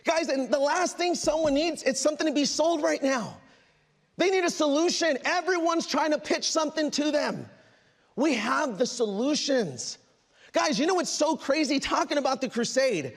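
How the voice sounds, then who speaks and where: A man giving an energetic motivational speech at a business meeting, telling stories and calling out to the crowd as "guys". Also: very high voice. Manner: animated storytelling, addresses crowd as "guys", acts out quotes. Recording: reverberant hall.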